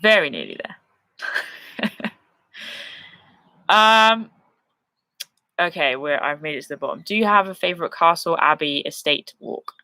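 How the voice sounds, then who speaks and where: A woman's voice: low voice, animated, unhurried, long pauses, pushed and bright, clean tone, no room sound. A young woman hosting a casual live stream, reading viewer questions and chatting with frequent laughs. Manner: chatty, self-deprecating, laughs often.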